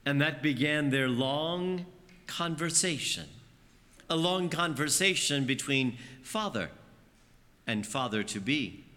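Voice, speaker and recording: A man's voice: expressive, takes it slowly, sharp tone. A man preaching a homily as a priest, telling stories and acting out voices. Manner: storytelling, acting out voices with big swings in pitch. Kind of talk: sermon. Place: church. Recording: long church reverb.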